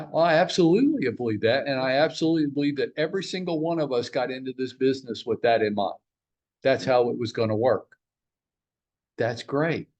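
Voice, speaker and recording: A man's voice: medium pitch, a little mellow, dull audio. A man leading a team training huddle, joking and teasing as he fires questions at the room. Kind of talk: live training talk to a room.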